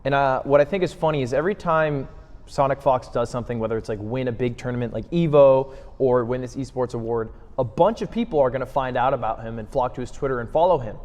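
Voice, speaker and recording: A man's voice: medium pitch, quick pace, a little mellow, in a large hall. A man co-hosting a podcast in casual chat, joking and swearing as he tells stories. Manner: joking, profane, storytelling. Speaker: podcast co-host.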